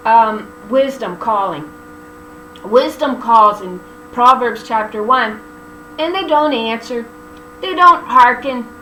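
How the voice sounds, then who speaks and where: A woman teaches from scripture in an emphatic, colloquial manner, dropping sarcastic asides. Her voice sits fairly high and sounds bright and sharp. The room is echoey, with a faint hum in the background. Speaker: preacher.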